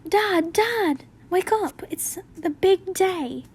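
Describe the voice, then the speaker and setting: Woman doing an eager high-voiced boy. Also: expressive, slow, a little mellow, heavily acted, poor audio. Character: young boy Ted waking his dad.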